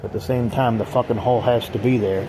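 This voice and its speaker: A man's voice: mid-range voice, steady tone, quick pace, noisy background. A man vlogger in a rambling, profane, bitter philosophical monologue.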